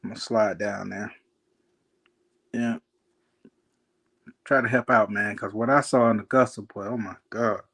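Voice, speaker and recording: A man's voice: fairly low pitch, steady tone, unhurried, long pauses, fairly bright tone. A man telling a long story in casual chat, acting out voices and laughing often.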